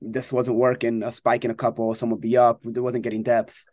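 A young man, a college baseball pitcher, chatting casually and telling animated stories, acting out quotes and laughing often. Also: a little fast, dry recording, clean studio sound. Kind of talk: casual interview chat.

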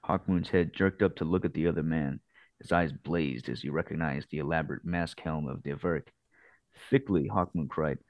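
A man co-hosting a podcast, reading a novel aloud in steady narration. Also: low voice, normal speed, no room sound. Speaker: podcast co-host.

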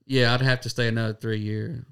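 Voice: medium pitch, level tone, a little fast, gravelly, smooth. A podcast co-host chatting casually, blunt and profane, with loose rambling sentences. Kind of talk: casual chat.

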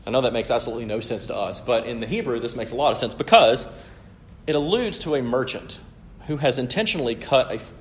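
A man's voice: mid-range voice, a little hiss or hum. A man preaching an expository sermon in an emphatic, explanatory way, often checking in with "right?".

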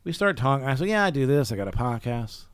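A man's voice: mid-range voice, very animated, fast talker, smooth, no room sound. A man hosting a podcast, telling a story in casual chat and acting out the people he quotes. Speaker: podcast host.

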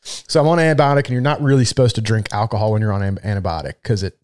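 A young man with a stuffy sinus infection co-hosts a casual live stream. He talks in relaxed, profane banter and keeps things easygoing. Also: fairly low pitch, racing, smooth. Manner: profane, laid-back banter. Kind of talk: casual chat.

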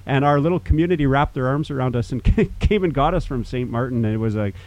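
A man's voice: mid-range voice, quick pace, no room sound. A man in his fifties, from Manitoba, Canada, telling a rambling casual story among old friends. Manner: rambling, animated, restarts. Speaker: podcast host.

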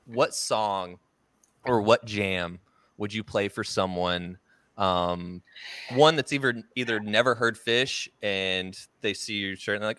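A man's voice: on the low side, slow pace, pushed and bright, dry recording. A young man hosting a podcast, telling stories in a loose, slangy way and laughing often. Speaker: podcast host. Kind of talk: casual chat.

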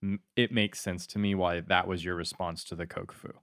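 A man's voice: deep voice, flat delivery, brisk, fairly bright tone, dry recording, clean studio sound. A man hosting a podcast conversation, thoughtful and encouraging as he draws out his guest. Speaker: bonsai teacher, podcast host. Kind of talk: casual conversation.

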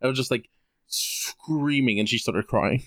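A man's voice: mid-range voice, unhurried, fairly bright tone, dry recording, clean studio sound. Sweary man telling a story. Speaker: podcast co-host. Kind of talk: casual chat.

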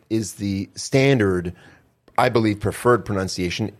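A man's voice: lowish voice, slow. A man hosting a casual news talk show, rambling and restarting his words. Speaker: show host.

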